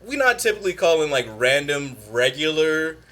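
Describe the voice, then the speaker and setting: A man's voice: on the high side, big pitch swings, fairly bright tone. A man co-hosting a podcast in casual chat, swearing a lot and laughing often. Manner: profane, laughing, quick asides. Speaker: podcast co-host.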